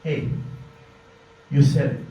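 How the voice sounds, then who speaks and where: A young man performing a one-man stage monologue, intense and confessional, swinging from quiet to shouting, recorded on a phone from the audience in a small basement venue. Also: slow pace, slight background noise. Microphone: phone filming from the audience. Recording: echoey, distant phone recording in a room.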